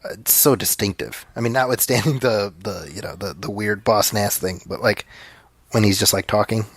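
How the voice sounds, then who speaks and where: A man's voice: fairly low pitch, steady tone, normal speed, husky, no room sound. A man co-hosting a casual movie commentary podcast, easygoing, padding his points with fillers and slipping in wry jokes. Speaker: podcast co-host.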